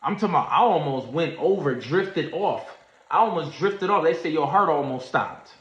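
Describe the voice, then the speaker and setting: A man telling a story in a casual livestream, animated and slangy, acting out what others said. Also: on the high side, moderate pace. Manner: animated storyteller, acts out quoted voices, Southern US slang. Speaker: trading streamer. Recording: echoey room, dull lo-fi sound.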